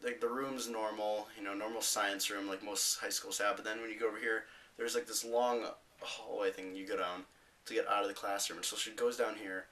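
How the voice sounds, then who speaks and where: Teen boy, vlogger, rambling story, bright, set back from the mic. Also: fairly low pitch, fairly quick, recorded from a distance, rough recording. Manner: rambling, filler-heavy, animated retelling. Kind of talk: casual storytelling.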